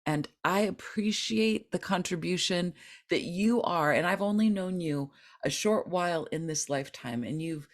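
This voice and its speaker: A woman host with a low-pitched voice speaks effusively and affirmingly to her guest. Her podcast interview talk grows animated when she acts out inner voices. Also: normal speed.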